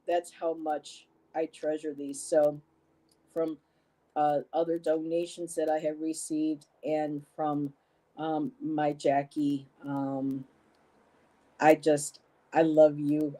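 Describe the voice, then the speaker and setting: Low slow-talking woman rambling with ums. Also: little pitch movement, mellow. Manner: rambling with many ums and pauses; gushing and emotional. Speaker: vlogger. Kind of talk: casual unboxing vlog.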